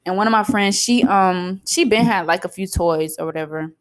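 A young woman co-hosting a podcast, chatting casually and bluntly, telling profane, animated stories. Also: medium pitch, normal speed. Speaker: podcast co-host. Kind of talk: casual chat.

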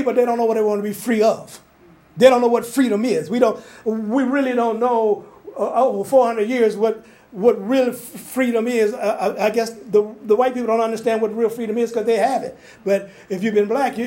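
Very high-voiced older man preaching. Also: mellow. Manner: conversational, colloquial, restarts and acts out scripture. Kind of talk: informal sermon.

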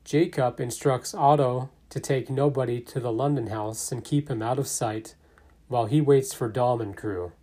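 Mellow man narrating a fan theory. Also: mid-range voice, fairly even intonation, normal speed. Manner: thinks aloud, lots of fillers, shifts between narrating and commenting. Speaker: fan theory video maker. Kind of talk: casual storytelling narration.

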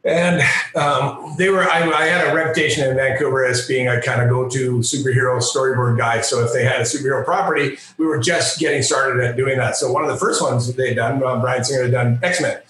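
A man, a comic book artist and guest, telling a lively, self-mocking story in a casual interview. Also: medium pitch, brisk, few pauses, heavy reverb, low-quality recording. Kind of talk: animated anecdotal storytelling.

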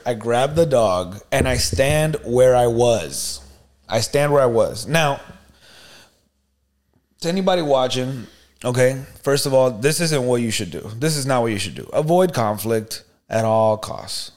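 A man co-hosting a podcast, telling a story in a lively, slangy way and often asking "you know what I mean". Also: mid-range voice, measured pace. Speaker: podcast co-host. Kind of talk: casual storytelling chat.

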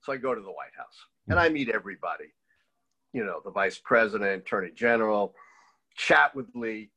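In this rough recording, an older man speaks in a lowish, breathy voice and moves fairly quickly. A political historian by trade, he spins animated stories for an interviewer, performing the voices of those he quotes.

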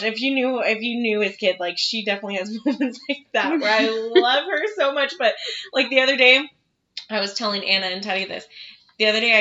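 A young woman chats casually as a podcast co-host, telling animated, swear-filled stories with frequent laughter. Her voice is bright and clear-edged, though the recording sounds somewhat dull and lo-fi. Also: a little high. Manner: animated storyteller, swears freely, laughs often. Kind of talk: casual chat.

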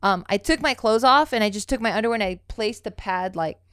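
A woman's voice: medium pitch, fairly quick, a bit bright, smooth, no echo, studio quality. A young woman co-hosting a casual podcast chat, telling stories loosely with lots of swearing and "um" and "like". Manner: loose, profane storytelling with many fillers. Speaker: podcast co-host.

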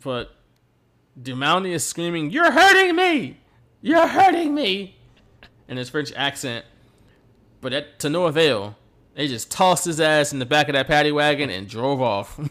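A man's voice: medium pitch, normal speed, a bit bright. A man hosting a podcast who tells stories animatedly and laughs often. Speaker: podcast host. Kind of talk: casual chat recapping wrestling.

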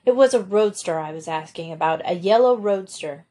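A woman's voice: fairly low pitch, normal speed, warm tone, close to an everyday voice. A woman reading aloud, voicing a confident teenage boy detective in a storybook. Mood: eager. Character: teenage boy detective, eager and sure of himself.

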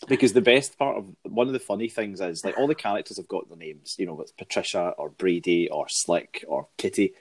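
A man's voice: deep voice, fairly quick, hardly any pauses, slightly rough. A man co-hosting a podcast, chatting casually about a book and teasing his co-host.

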